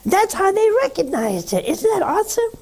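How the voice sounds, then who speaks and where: An older woman, a nun, hosts a call-in religious program, preaching earnestly and counseling callers with frequent rhetorical questions. Her voice is very high-pitched and sing-song, fairly quick and a little mellow.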